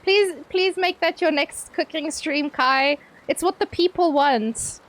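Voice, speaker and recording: A woman's voice: high voice, measured pace, fairly bright tone. A young woman streaming live, chatting playfully with her viewers, swearing casually and laughing often.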